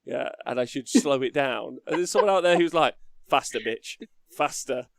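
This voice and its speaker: Male podcast host, gravelly and dry, relaxed banter. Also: on the high side, fairly quick, dry recording. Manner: chatty, laughs often, reads chat aloud. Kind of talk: casual livestream chat.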